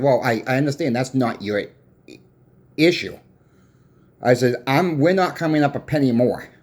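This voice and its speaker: Shop owner guy telling a story to the camera, folksy, keeps saying "i said", middle-pitched voice. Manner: retells a dispute with many "I said" and "I says" tags; plain-spoken and folksy. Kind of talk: casual storytelling vlog.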